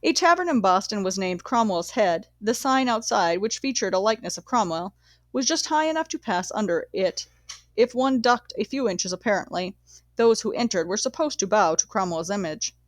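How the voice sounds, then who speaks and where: A woman reading a nonfiction history book aloud in a measured, steady way, sometimes correcting herself. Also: mid-range voice, dry recording. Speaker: audiobook reader.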